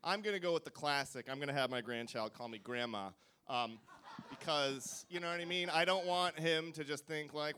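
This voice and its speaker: A man's voice: fairly high pitch, normal speed, sharp tone, a little hiss or hum. A man riffing as a comedian contestant on a club stage, rambling and wry. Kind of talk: stand-up riffing.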